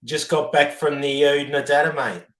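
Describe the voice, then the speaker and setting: A man's voice: a little high, fairly even intonation, normal speed, roomy sound. A man joining a casual live-stream chat as a guest, playful and easily distracted. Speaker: guest YouTuber.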